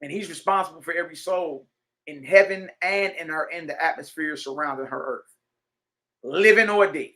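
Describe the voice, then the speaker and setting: A man's voice: on the high side, normal speed, bright, forceful tone. A man, teaching a religious lesson in a conversational, emphatic preaching style, reading passages aloud and commenting on them. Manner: emphatic, conversational preaching with call-outs to listeners.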